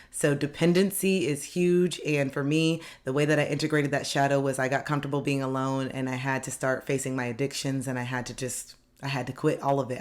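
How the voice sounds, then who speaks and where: Earnest woman coaching on self-help. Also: a bass voice. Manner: earnest and direct, repeats key phrases for emphasis. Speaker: life coach. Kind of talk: motivational self-help talk to camera.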